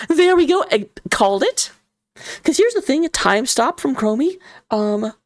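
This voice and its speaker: A woman casting a live video game match as commentator, playful and jokey, her voice jumping up with sudden excitement. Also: medium pitch, no room sound, studio quality. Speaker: esports caster.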